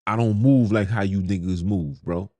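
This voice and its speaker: A man's voice: lowish voice, moderate pace, darkish tone, no room sound. A man, hosting a podcast in a blunt, heated, slangy monologue. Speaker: podcast host. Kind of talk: ranting monologue.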